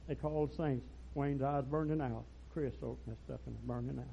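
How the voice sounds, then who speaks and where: An older man preaching a rural revival sermon, telling folksy stories and breaking into loud preaching bursts. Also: mid-range voice, steady tone, fairly quick, vocal fry, slight background noise. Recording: dull lo-fi church recording.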